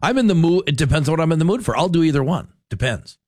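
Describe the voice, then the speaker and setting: A male talk radio host rambles through a casual monologue, cutting himself off mid-sentence. His pitch moves in lively swings. The studio sound is dry and close. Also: fast, no echo. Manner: rambling, animated, self-interrupting. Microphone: studio mic.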